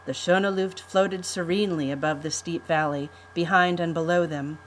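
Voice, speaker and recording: Woman narrating a storybook, low voice. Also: fairly even intonation, moderate pace, a little hiss or hum, poor audio.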